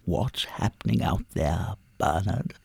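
A man voicing a gentle blind old herbalist who speaks softly, near a whisper. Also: low voice, lively intonation, slow, creaky, husky, dry recording, full character voice. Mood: hushed.

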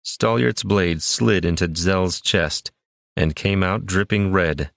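Male audiobook narrator, deep, measured dramatic reads, dry booth sound. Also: vocal fry, fairly bright tone, no room sound. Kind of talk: scripted fantasy narration.

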